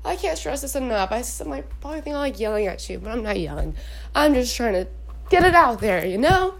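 A young woman casually talking to her viewers at home about faith and dating, chatty and animated. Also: a little high, a little fast, vocal fry. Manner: chatty, animated, talks to her dog between points. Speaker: Christian advice vlogger. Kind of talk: casual faith talk to camera. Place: at home indoors.

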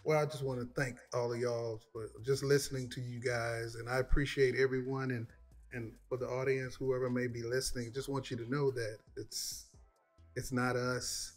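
Middle aged dad, gentle and measured, bit of music in the back. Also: male voice, mid-range voice, little pitch movement. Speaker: father, husband. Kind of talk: casual family chat.

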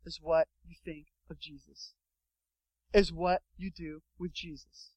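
A young adult man preaching a sermon as pastor, telling a story with lively acted-out quotes. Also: on the high side, measured pace, no room sound, highs cut off.

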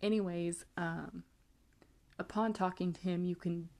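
A woman's voice: on the low side, fairly even intonation, unhurried, darkish tone. A young woman from California casually telling a creepy personal story, rambling with lots of likes and ums. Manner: rambling, heavy use of like and um. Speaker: podcast host.

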